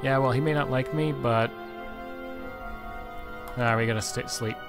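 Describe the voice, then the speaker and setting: A man's voice: mid-range voice, steady tone, unhurried, music in the background. A man playing a video game, reading its story text aloud with mock-dramatic flair and adding self-deprecating asides. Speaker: gaming channel host.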